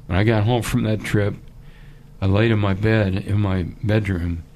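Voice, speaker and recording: A man telling an emotional story in halting bursts, then pleading urgently in a fundraising appeal. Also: fairly low pitch, steady tone, darkish tone. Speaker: charity appeal guest.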